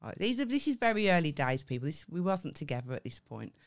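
Low-voiced and fast-talking, this woman co-hosts a podcast and launches into a casual, animated story. She swears freely along the way and plays out the dialogue she quotes.

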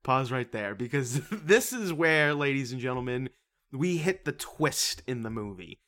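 A man's voice: medium pitch, a little slow. A man co-hosting a casual podcast, animatedly recapping a movie plot and laughing often. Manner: animated storytelling, breaks into laughter. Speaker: podcast co-host.

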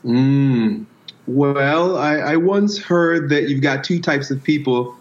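A man's voice: mid-range voice, slow pace. A man, a strength coach, talking as an interview guest in a reflective way, explaining his ideas through metaphors and his own stories. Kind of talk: casual conversational interview. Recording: roomy, slightly dull sound.

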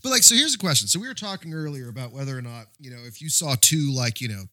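Male podcast co-host, crude and animated, bright tone, dry close sound. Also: mid-range voice, fast, no echo. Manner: swears a lot, laughs often, animated. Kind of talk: casual movie-review banter.

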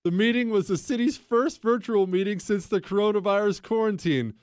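A talk radio host with a high, slightly mellow voice speaks fairly quickly in a casual monologue. Recorded in studio quality with no room sound, he rambles with sarcasm and laughs along the way.

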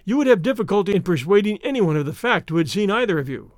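A courteous, reserved man raised in the jungle, speaking in a storybook, as a man plays him. His measured, polite delivery sits a little lower than the narration but still moves with life, and the sound is dry and close. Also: sing-song, no echo.

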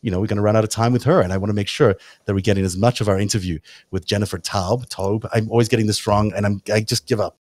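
A man with a South African accent hosting a talk show, speaking in a relaxed, chatty way. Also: lowish voice, fast talker, few pauses, dry recording, clean studio sound. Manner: relaxed and chatty, leans on "you know" fillers. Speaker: host. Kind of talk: casual talk-show chat.

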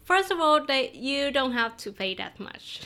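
Her voice is high, sing-song, pushed and bright, moving at a measured pace: a native Vietnamese speaker from Vietnam who teaches the language, talking in accented English. As a podcast interview guest she chats freely, laughing often and starting phrases over.

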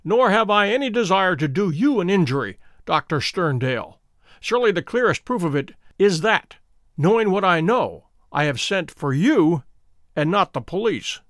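A man voicing a cool, precise, commanding detective in a dramatic audiobook reading, calm, measured and authoritative. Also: high-pitched, no room sound, clean studio sound. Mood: stern.

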